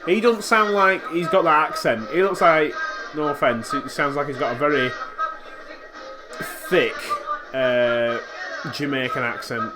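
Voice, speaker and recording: A man's voice: on the high side, unhurried, over music. Blunt, sweary Yorkshire man. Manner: swearing, jokey, blunt banter. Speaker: podcast host. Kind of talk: film commentary.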